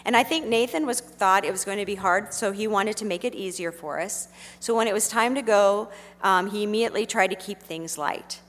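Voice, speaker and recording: A middle-aged woman telling a heartfelt personal story to an audience, speaking gently and earnestly with frequent fillers. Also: medium pitch, fairly quick, long reverb tail.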